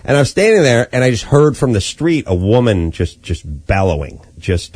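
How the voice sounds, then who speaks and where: A man's voice: medium pitch, sing-song, a little fast, few pauses, darkish tone, no room sound. A middle-aged man hosting a podcast, telling a casual story in a wry, profane way and acting out the voices of the people in it. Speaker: podcast host.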